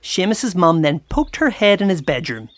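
A woman narrating a children's story in a playful, expressive way. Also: fairly low pitch, normal speed, dry recording. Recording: narration over clear music.

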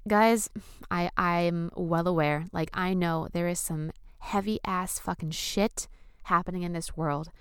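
A woman talking casually and enthusiastically to her viewers about surrender and manifestation, with casual swearing and bursts of excitement. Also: fairly low pitch, clear, resonant tone, no echo, clean studio sound. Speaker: spiritual vlogger. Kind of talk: casual spiritual talk to camera.

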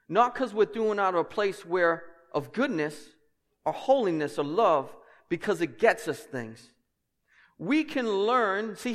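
A man preaching a sermon as pastor, passionate and emphatic, with conversational asides to his congregation. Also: a bit bright. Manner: passionate, emphatic preaching that climbs in pitch and volume. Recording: long hall reverb.

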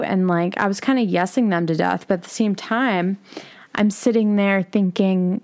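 A woman's voice: medium pitch, big pitch swings, a little slow. A woman in her twenties hosting a solo podcast, talking in a rambling, confessional way and swearing freely. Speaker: podcast host. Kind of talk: candid solo podcast monologue.

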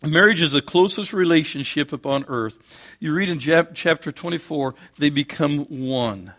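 A man preaching a sermon, swinging between loud, emphatic peaks and quiet, low asides, with homely jokes along the way. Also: moderate pace.

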